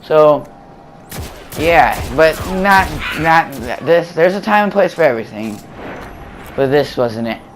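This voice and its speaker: A man's voice: a little high, expressive, takes it slowly, pauses often, slight background noise. A man giving casual, rambling voice-over commentary on gameplay footage, full of fillers and restarts, recorded at home.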